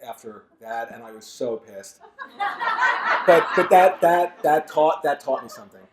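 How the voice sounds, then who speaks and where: A man, an author, telling personal stories to an audience at a bookstore event, loud at first and softer later. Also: on the high side, lively intonation, unhurried, noisy background. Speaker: author giving a book talk. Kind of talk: storytelling talk to an audience. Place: large bookstore event room. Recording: roomy echo.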